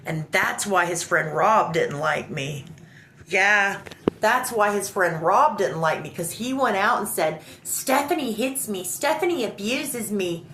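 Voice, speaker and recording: A woman telling a personal story in an animated, indignant way, acting out the dialogue. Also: lowish voice, unhurried, slight background noise. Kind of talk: emotional storytelling. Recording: roomy echo.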